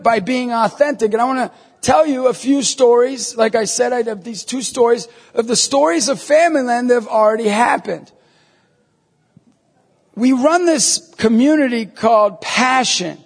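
A Catholic evangelist man giving an animated storytelling sermon, acting out dialogue with emphatic bursts. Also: very high voice, creaky, in a large hall.

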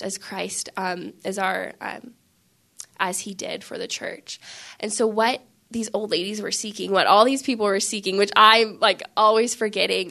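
A woman's voice: mid-range voice, gravelly, sharp tone. A young woman casually telling a faith story, chatty, with lots of filler words and frequent laughs. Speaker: Catholic speaker sharing a faith story.

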